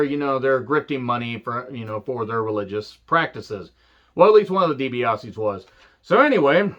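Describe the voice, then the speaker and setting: A man's voice: on the high side, fairly bright tone, highs cut off. A man reviewing a wrestling show in a casual, rambling way, sarcastic and full of profanity.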